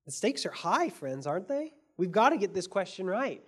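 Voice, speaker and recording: High-voiced earnest male preacher. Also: very animated, moderate pace, breathy edge. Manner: earnest preaching, swings between soft and emphatic; asks the audience many questions. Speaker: pastor. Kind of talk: sermon.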